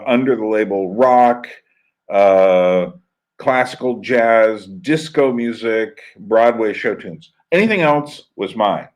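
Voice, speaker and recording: A man's voice: medium pitch, rough recording. Rambling man hosting a radio stream. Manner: rambling, with many fillers and restarts. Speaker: internet radio host. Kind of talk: casual storytelling monologue.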